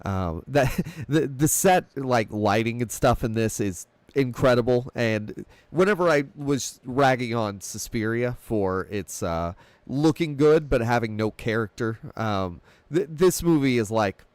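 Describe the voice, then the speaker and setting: A man talks casually about a film he loves, rambling and laughing as he retells scenes. His voice sits at an ordinary middle pitch. The sound is dry and close, with no room around it. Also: expressive, unhurried, darkish tone, no echo. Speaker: film podcast host.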